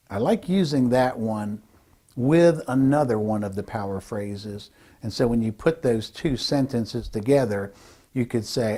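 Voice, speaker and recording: A man coaches viewers on speaking with impact, talking straight to the camera. His voice is mellow and dark-toned, sitting in a middle pitch. He is emphatic and deliberate, slowing down to lean on each key phrase. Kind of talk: direct-to-camera instructional talk.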